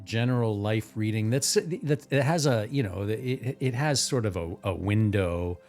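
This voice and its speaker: A man's voice: lowish voice, a little slow, soft background music. A man hosting a live tarot reading stream, chatting casually, telling stories and chuckling often. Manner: animated, chuckling, relaxed. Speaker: tarot reader and livestream host.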